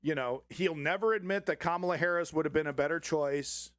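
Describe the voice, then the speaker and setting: A man's voice: fairly high pitch, brisk, fairly bright tone, no room sound. Sarcastic, swearing man ranting on a stream. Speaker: host. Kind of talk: live news commentary stream.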